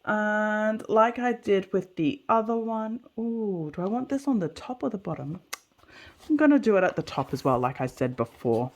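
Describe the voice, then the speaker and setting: An Australian sewing vlogger chats casually through a sew-along video, her medium-pitched voice lively in intonation and moderate in pace. She talks to herself as she works and laughs at her own mistakes.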